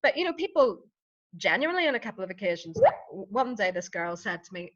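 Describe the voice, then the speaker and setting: A woman's voice: mid-range voice, lively intonation, fast talker, fairly bright tone, highs cut off. A woman with a Northern Irish accent, a vocal coach telling anecdotes and explaining things in casual podcast chat. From Northern Ireland.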